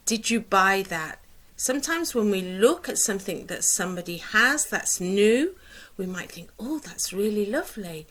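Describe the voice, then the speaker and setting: A woman teaching a lesson, who speaks slowly and deliberately and asks questions in a rising sing-song way. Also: mid-range voice, a bit bright, low-quality recording. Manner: slow, deliberate teacherly delivery. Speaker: English teacher. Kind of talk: online English lesson.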